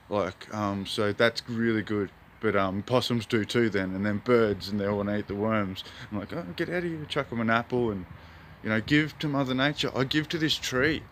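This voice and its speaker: An Australian hobby gardener films his backyard garden on a phone, rambling in a laid-back, spiritual way for an outdoor vlog. His voice is fairly low and fairly bright, with a little hiss or hum on the recording.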